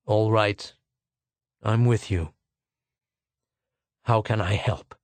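A man doing a husky, weary old Earthman. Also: steady tone, no room sound. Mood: subdued. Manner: halting, low and subdued. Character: weary aged male Earthman, hesitant and husky.

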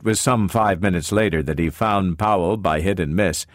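A man narrating an audiobook with an expressive, varied storytelling delivery. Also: sits low, moderate pace, few pauses, no echo, studio quality.

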